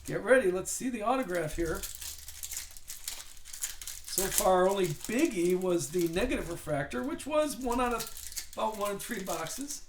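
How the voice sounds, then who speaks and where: A man's voice: high voice, expressive, measured pace, pauses often, slight background noise. An older man hosting a live card break, chatting in a rambling way as he reads out player names. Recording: echoey room.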